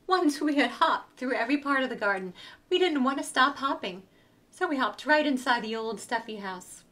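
Woman storyteller for preschoolers, expressive sing-song reading, a bit high-pitched. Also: moderate pace. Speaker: museum educator. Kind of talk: reading a picture book aloud to young children.

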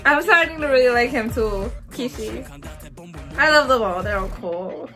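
A woman's voice: on the high side, animated, normal speed, pushed and bright. A young woman hosting a music video reaction, gushing and exclaiming, now and then dropping in Japanese words. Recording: faint music behind.

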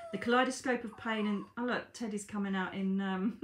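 A woman's voice: mid-range voice, normal speed, few pauses. A woman, a psychic medium, reading aloud from her own book and breaking off for chatty asides to viewers she calls darlings. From Britain. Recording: echoey room.

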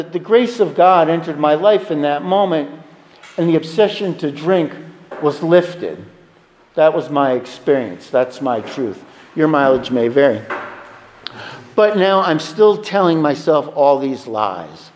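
A man's voice: fairly high pitch, a little mellow, a little hiss or hum. A man speaking frankly and with wry humor at a recovery meeting. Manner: frank, confessional, wryly humorous. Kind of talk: personal recovery talk. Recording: reverberant hall.

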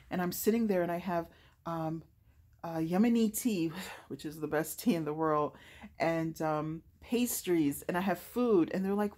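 Woman, forties, slightly low voice; earnest, emotional personal testimony, lots of fillers. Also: a little slow, darkish tone. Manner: earnest, heartfelt, with frequent fillers. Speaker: convert sharing her faith story.

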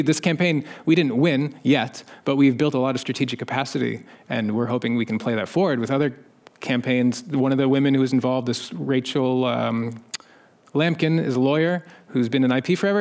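A man speaking on a conference panel in a conversational way, with wry asides, lifting his voice when he quotes other people. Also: medium pitch. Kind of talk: conference talk. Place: conference stage.

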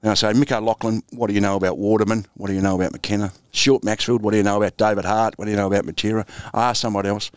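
A man's voice: lowish voice, flat delivery, very fast, hardly any pauses, clear, resonant tone, no room sound. An Australian man in his sixties, a former footballer and coach, telling anecdotes in a laid-back, chuckling interview style. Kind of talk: storytelling interview.

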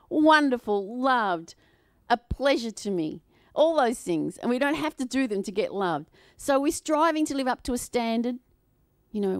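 A woman preaching a sermon to a congregation in an animated, playful way, often laughing and acting out voices. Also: fairly high pitch, dry recording, studio quality. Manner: acts out quoted voices.

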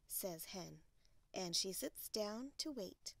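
A woman narrating a bedtime story in a soft, measured way. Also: on the low side, expressive, gravelly, no echo.

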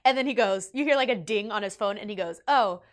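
A young woman vlogger telling a personal story in an animated, emotional way, with big swings in her voice. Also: mid-range voice, fast. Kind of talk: storytime vlog.

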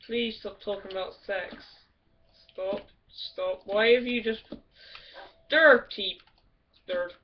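Crude, rambling woman doing game commentary; slow delivery, off-mic lo-fi sound. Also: a little high, far from the mic, slight background noise. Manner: rambling and crude, swearing often. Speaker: gameplay commentator. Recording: dull lo-fi from off mic, loud music behind. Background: loud music.

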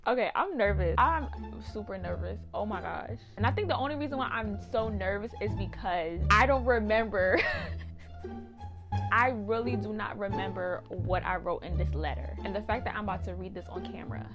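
A woman's voice: medium pitch, moderate pace, dull audio, music in the background. A woman talking casually to camera in a vlog, chatty and emotional, often calling her viewers "you guys". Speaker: vlogger.

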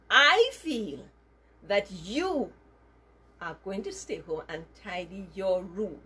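Woman doing a fed-up storybook mom laying down the law, swoopy husky voice. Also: medium pitch, fairly bright tone, full character voice. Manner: scolding, insistent. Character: stern fed-up mother scolding her son.

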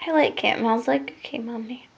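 A woman casually rambling through a makeup vlog. She often trails off into soft mutters. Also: on the high side, brisk, creaky, slightly rough. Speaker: makeup vlogger. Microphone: phone. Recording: lo-fi phone recording.

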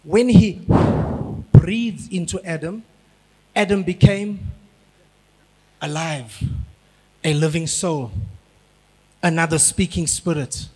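A man from South Africa, a pastor preaching a sermon, building up to shouted emphasis. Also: fairly high pitch, slow pace, pauses often, breathy edge. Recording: long hall reverb.

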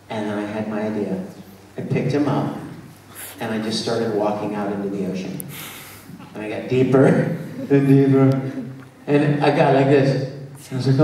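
A man speaking on a convention panel, telling lively stories to fans and laughing often. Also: mid-range voice, normal speed, long pauses. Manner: animated storyteller, laughing often. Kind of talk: live convention panel talk. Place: large convention hall. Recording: far-off echoey hall recording, faint crowd noise.

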